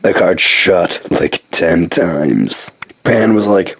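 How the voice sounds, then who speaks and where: Man, very deep put-on old-man voice, slow, husky, dry sound, joking made-up story. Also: animated, dry recording. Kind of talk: improvised comic storytelling.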